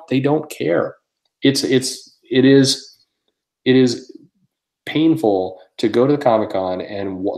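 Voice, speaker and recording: A man's voice: on the low side, a little mellow, low-quality recording. A man hosting a casual podcast chat, ranting in exasperation with many restarts and blunt swearing. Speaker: show host.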